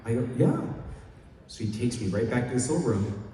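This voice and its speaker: A middle-aged man from Chicago, a panel guest telling animated anecdotes and acting out other people's lines. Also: medium pitch, fairly quick, slight background noise. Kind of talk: storytelling at a convention panel. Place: large convention hall. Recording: echoey hall, mic heard from far off.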